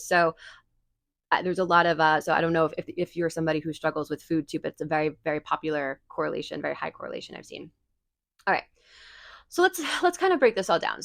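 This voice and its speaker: A woman talks quickly through listener advice, her low voice carrying a gravelly edge. She rambles in a chatty way, circling back with fillers and restarts. The sound is close and dry, with no room around it. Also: no room sound. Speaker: podcast host giving advice. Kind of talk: casual advice monologue.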